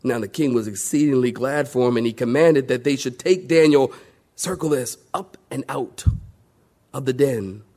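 A male pastor preaching a sermon to a congregation, swinging between loud emphatic highs and hushed lows and calling for amens. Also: moderate pace. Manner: call-and-response with the congregation.

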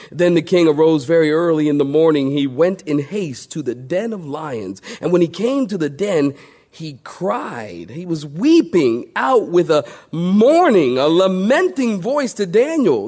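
A male pastor preaching a sermon to a congregation, swinging between loud emphatic highs and hushed lows and calling for amens. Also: very animated, unhurried. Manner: call-and-response with the congregation.

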